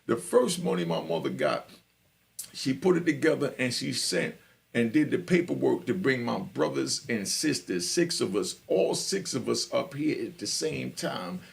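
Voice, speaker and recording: Gravelly older man from Jamaica telling stories. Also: mid-range voice, big pitch swings, a little slow. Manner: gravelly, conversational, keeps checking in with the listener. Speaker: channel host telling prison and life stories. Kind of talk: casual storytelling on a live stream.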